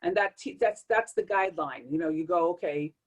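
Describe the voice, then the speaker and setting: Woman explaining tarot in an animated way. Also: on the low side, brisk. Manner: animated, acts out readings in quoted asides. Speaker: tarot reader guest. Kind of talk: explanatory interview talk.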